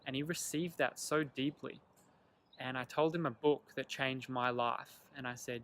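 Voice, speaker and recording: A young man telling a personal story to camera in an earnest, animated way, acting out the lines of the people in it. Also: mid-range voice, moderate pace, a little hiss or hum. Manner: earnest, animated retelling with quoted dialogue. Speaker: vlogger.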